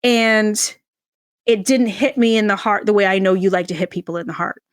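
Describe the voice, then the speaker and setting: Animated woman telling a personal story. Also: normal speed, no echo, clean studio sound. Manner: expressive, acts out quoted voices with big pitch jumps. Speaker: podcast guest, personal brand coach.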